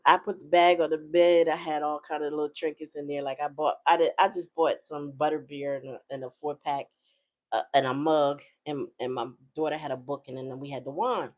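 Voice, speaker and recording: Woman, middle-aged, low voice, casual chat, slangy storytelling, laughs a lot. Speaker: tarot reader and channel host.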